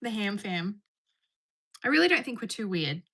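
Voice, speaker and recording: A woman's voice: medium pitch, very animated, moderate pace, bright, forceful tone, husky. A woman chatting casually on a live stream from home, bubbly and answering her viewers. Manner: chatty, bubbly, reading and answering chat messages. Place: indoors at home.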